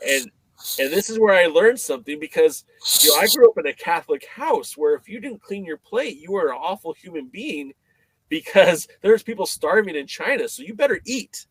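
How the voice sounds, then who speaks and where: A man as a podcast guest, telling a story in a casual, animated way, with many fillers and restarts. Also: high voice, normal speed, slightly rough, no room sound.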